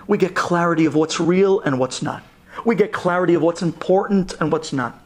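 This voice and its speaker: A rabbi telling a story in a sermon, lively and animated, rising to exclamations and then going hushed and earnest. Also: male voice, fairly high pitch, normal speed.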